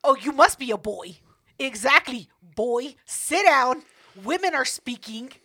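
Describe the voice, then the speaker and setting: Brief: young female co-host, bossy teasing roaster, high bright voice. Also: lively intonation, measured pace, no room sound, studio quality. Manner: brash, teasing, heavy swearing. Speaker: podcast co-host. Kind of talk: casual podcast banter.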